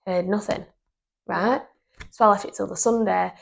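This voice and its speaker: Woman, gravelly storyteller. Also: medium pitch, normal speed. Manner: animated storytelling, indignant. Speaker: podcast co-host. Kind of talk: casual chat.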